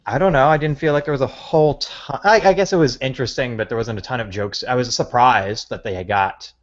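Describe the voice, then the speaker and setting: A man's voice: medium pitch, a little fast, lo-fi sound. A man co-hosting a comedy podcast, talking in a dry, hesitant way with many ums. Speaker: podcast co-host. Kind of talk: casual comedy podcast chat.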